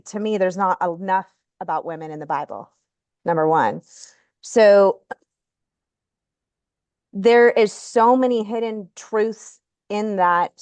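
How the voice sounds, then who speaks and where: A woman speaking as a guest on a video call, in a mid-range voice. She talks earnestly and in a measured way. The sound is dry and close. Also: mid-range voice, no echo. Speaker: guest insurance agent. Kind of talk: casual chat.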